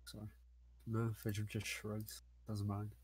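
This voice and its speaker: A player making quiet, deadpan asides and short in-game statements. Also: mid-range voice, unhurried, husky.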